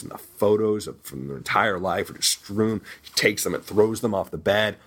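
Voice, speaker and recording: A man's voice: lowish voice, moderate pace, fairly bright tone. A man working as a reality TV producer, telling a story candidly and earnestly, often repeating words for emphasis.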